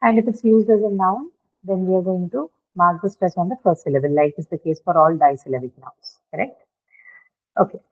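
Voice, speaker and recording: A woman's voice: on the low side, brisk. Woman teaching over a tinny line. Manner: patient, explains step by step, keeps checking with "right?". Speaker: English pronunciation teacher. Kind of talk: online classroom lecture.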